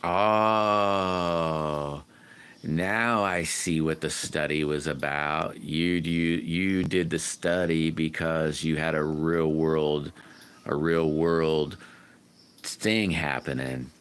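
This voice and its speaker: A man hosts a casual livestream, reading out viewer comments in a friendly, rambling way. His voice sits very low and he talks slowly, then breaks into loud whoops when regulars arrive. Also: fairly even intonation, smooth. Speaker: livestream host.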